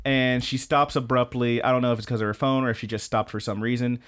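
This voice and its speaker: A man's voice: medium pitch, steady tone, quick pace. A man co-hosting an anime podcast, telling rambling stories in casual chat, swearing often and acting out what people said. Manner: rambling storyteller, swears a lot, acts out quotes. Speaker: podcast co-host.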